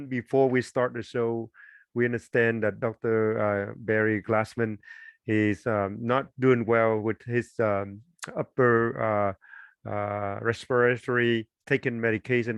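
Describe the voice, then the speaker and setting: Smooth-voiced man hosting a podcast. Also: mid-range voice, dry recording. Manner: brief affirmations, hesitant fillers. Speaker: podcast host. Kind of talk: casual interview chat.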